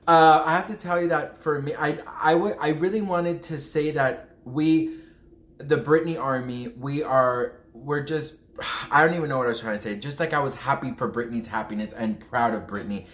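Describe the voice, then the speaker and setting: A man's voice: mid-range voice, fairly bright tone. A man telling a personal story to camera in a casual vlog, rambling and heartfelt, often restarting his sentences. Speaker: vlogger. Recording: echoey room.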